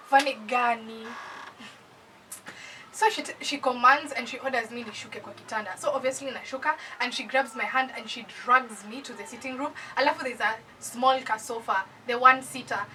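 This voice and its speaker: A young woman from Kenya with a Kenyan accent, telling a personal story in an animated, casual storytime voice that mixes English with Swahili slang. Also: on the high side, quick pace, hardly any pauses, far from the mic, slight background noise, poor audio.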